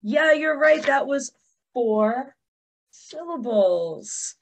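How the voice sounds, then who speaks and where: A woman teacher giving an encouraging lesson to young children, talking to them in an animated way. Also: high voice, measured pace.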